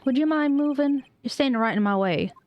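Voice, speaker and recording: A woman's voice: sits high, expressive, a little fast, dull audio, voice pushed up. A woman voicing a nervous, lovesick young man from a game who stammers and puts on a Southern drawl. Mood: annoyed. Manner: stammering, flustered.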